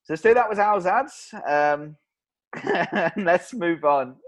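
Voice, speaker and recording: A man co-hosting a casual comedy podcast, his voice sitting a little high and bouncing around animatedly. He jokes, rambles and laughs easily as he talks. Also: lively intonation. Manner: joking, rambling, quick to laugh. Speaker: podcast co-host.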